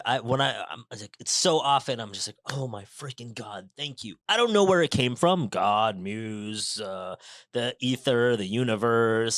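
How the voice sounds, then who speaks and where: A man hosting a show, chatting casually and reading passages aloud, animated and quick to interrupt himself. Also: on the low side, no echo. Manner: animated, excitable, self-interrupting. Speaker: podcast host.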